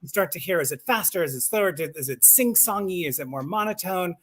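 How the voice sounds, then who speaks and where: A voice actor and audiobook narrator chats casually and eagerly on a live stream, laughing at himself while explaining his craft. His voice is high, animated and fairly bright, and he talks at a quick pace.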